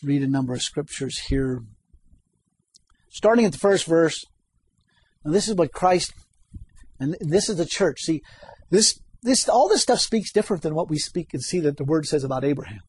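A man's voice: on the high side, expressive, normal speed, long pauses, darkish tone, slightly rough. A man preaching a sermon, reading scripture aloud and asking the congregation questions.

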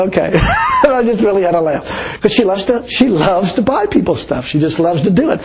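A man's voice: high voice, expressive, a little fast, a little hiss or hum. A man preaching a sermon as pastor, chuckling often and repeating words for emphasis. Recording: dull lo-fi recording.

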